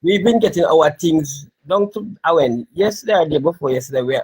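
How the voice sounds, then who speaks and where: A man with a husky, fairly high voice, speaking easily and a little haltingly. He sounds relaxed and offhand. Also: rough recording. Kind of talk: casual chat.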